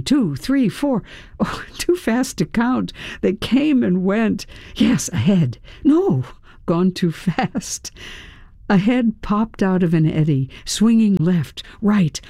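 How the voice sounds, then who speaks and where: A woman reading her own memoir aloud in an unhurried, reflective way, with soft laughs. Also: sits low, dry recording, clean studio sound. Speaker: memoir reader.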